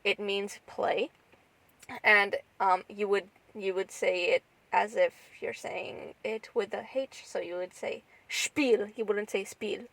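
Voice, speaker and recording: A woman's voice: mid-range voice, steady tone, unhurried, vocal fry, a bit bright, no room sound, low-quality recording. A woman co-hosting a podcast, chatting casually and rambling with lots of restarts and fillers. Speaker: podcast co-host. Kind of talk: casual chat.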